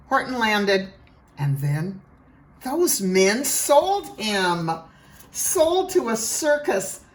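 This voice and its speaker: A woman reading a rhyming picture book aloud with an expressive, sing-song delivery, then chatting to her listeners. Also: mid-range voice. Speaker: storyteller.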